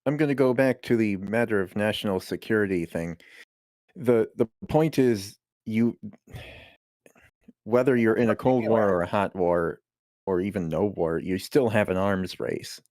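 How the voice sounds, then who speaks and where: Man, very deep voice, dry sound, measured arguing. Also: darkish tone, dry recording. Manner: measured, argumentative. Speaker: watch-along participant. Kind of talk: casual group discussion.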